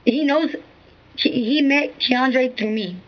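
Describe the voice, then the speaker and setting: A woman's voice: high-pitched, takes it slowly, rough recording. A woman recounting events to an interviewer in street slang, rambling and repeating herself. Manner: rambling, repeats "you know what I'm saying". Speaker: witness giving a statement.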